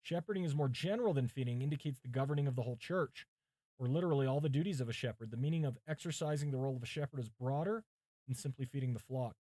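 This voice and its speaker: A man's voice: medium pitch, rapid-fire, warm tone, no echo, studio quality. A male pastor preparing a sermon on a livestream, reading commentaries aloud, thinking aloud and chatting with viewers, with his mic set some way from him. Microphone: mic set far from him.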